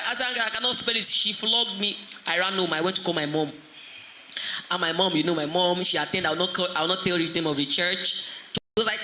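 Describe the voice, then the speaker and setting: A man from Nigeria doing animated stand-up storytelling as compere at a school event, drawing the audience into call-and-response. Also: high-pitched, fairly quick. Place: school hall. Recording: echoey hall, faint noise.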